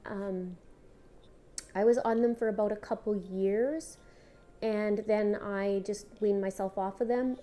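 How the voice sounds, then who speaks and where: A woman's voice: mid-range voice, mellow. A mother speaking earnestly and directly to her viewers, telling her own story in a conversational way with frequent halts and restarts. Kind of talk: candid personal vlog storytelling.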